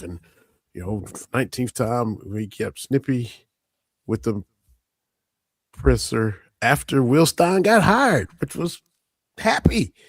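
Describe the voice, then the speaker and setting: Gravelly mid-pitched man telling sports stories. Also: no echo. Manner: storytelling, laughing, acts out quotes. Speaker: podcast co-host. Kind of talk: casual sports talk.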